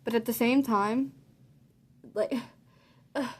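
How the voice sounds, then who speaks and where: A teenage girl telling a story in a casual rant, sassy and animated, saying "like" constantly. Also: fairly high pitch, slow pace, slightly rough. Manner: sassy, animated, heavy use of "like". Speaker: vlogger.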